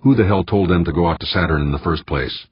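A man's voice: low-pitched, fast, husky, dry recording, muffled recording. A man voicing a grumbling, irritable male spacewalker who growls his replies.

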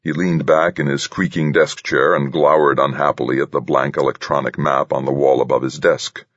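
A man reading a thriller novel aloud in steady, measured audiobook narration. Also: extremely low pitch, dry recording, dull audio. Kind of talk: scripted narration.

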